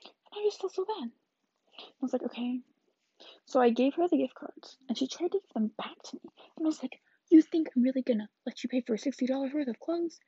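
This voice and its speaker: A woman's voice: sits high, animated, a little fast, mellow, husky, dry recording, dull audio. An eighteen-year-old woman chatting through a rambling vlog story, often dropping into whispered asides. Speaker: vlogger.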